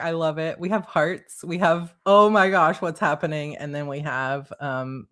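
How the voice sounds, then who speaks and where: Woman author on a livestream, low voice, bubbly, laughs a lot, reading chat. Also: fairly even intonation, unhurried, a bit bright. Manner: bubbly, giggly, reads chat aloud.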